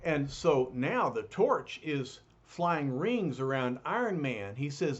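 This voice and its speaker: Male reader, slow and lively, husky, lo-fi capture; reads a comic aloud for a kid. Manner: expressive read-aloud, raises pitch for quoted heroes. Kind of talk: reading a comic aloud to a child. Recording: dull lo-fi recording.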